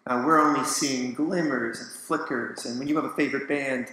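A man's voice: mid-range voice, fairly even intonation, moderate pace, sharp tone. A man who is a musician, speaking on a church discussion panel in an earnest and enthusiastic way. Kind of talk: casual panel talk. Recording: echoey hall.

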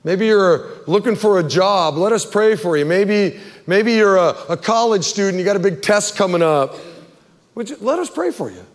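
Earnest pastor in a reverberant church. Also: male voice, sits high, animated, normal speed. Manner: earnest, pleading, acts out worried voices. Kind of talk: sermon altar call and prayer. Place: church sanctuary. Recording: long hall reverb.

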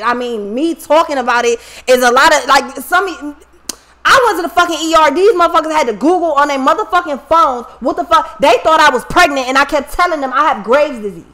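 A woman host telling a personal story to her viewers in a blunt, profane, animated way. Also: sits high. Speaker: tarot reader and channel host.

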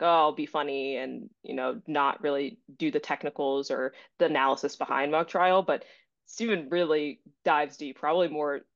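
A woman's voice: sits low, dry recording. Offhand woman, lo-fi sound. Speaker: guest, mock trial competitor. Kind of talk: casual interview talk.

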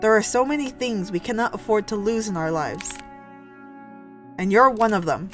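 A woman voicing a weary, determined older man, speaking earnestly and gently pleading. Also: mid-range voice, normal speed, soft background music, natural voice.

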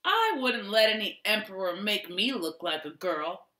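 A woman's voice: medium pitch, very animated, unhurried, pushed and bright, echoey room. A woman voicing a rude, cocky boy of about eight in a storybook reading.

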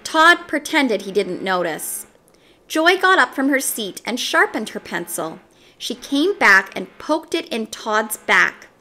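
A woman reading a children's storybook aloud in a gentle, expressive storytelling manner. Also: a little high, slow. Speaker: story reader.

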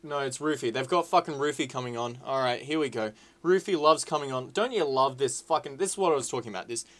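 A young man giving casual, excitable, sweary commentary over a football management game. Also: mid-range voice, fast. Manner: excitable, sweary, shouts at the screen. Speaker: gaming YouTuber.

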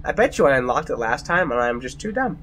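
Jumpy young man with wildly swinging pitch. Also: sing-song, fast talker, noisy background. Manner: jumpy, exclaiming, self-mocking. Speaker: let's play gamer. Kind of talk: horror game commentary.

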